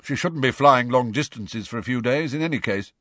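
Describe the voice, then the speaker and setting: A man voicing a gruff, brisk, pipe-smoking woman teacher in a storybook reading. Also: mid-range voice, sharp tone, no echo, clean studio sound.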